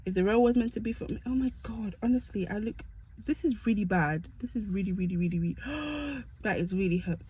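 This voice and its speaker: A woman's voice: medium pitch, a little fast, mellow, slightly rough, poor audio. Chatty self-mocking young woman vlogger. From United Kingdom. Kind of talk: casual storytelling to camera.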